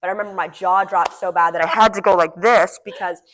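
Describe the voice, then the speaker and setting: A teenage girl from Washington State, a pageant titleholder, telling stories in a chatty, animated way with lots of "like". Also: mid-range voice, fast talker. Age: teens. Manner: chatty, animated storytelling, frequent "like". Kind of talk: casual interview chat.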